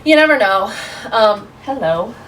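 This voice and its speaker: A woman in her twenties, a podcast guest, telling a story in a casual, animated way, full of "like". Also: medium pitch, unhurried, far from the mic, slight background noise, rough recording. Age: 20s. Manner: animated, lots of fillers like "like".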